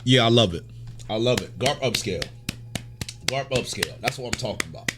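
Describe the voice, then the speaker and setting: A man hosting a casual comic reaction, reading panels aloud, excitable and slangy, laughing often. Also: mid-range voice, a little fast, pauses often, a little hiss or hum.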